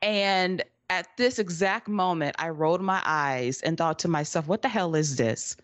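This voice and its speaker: A woman's voice: on the low side, normal speed, no echo. Laughing woman recapping wrestling. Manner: laughs often, animated storytelling. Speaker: podcast co-host. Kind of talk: casual wrestling recap chat.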